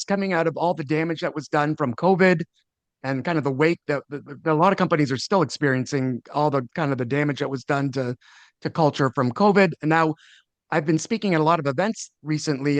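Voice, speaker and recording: Appearing as a podcast guest, a leadership speaker answers questions earnestly in a conversational interview, frequently restarting his sentences. His voice is fairly high and fairly bright, with no room sound.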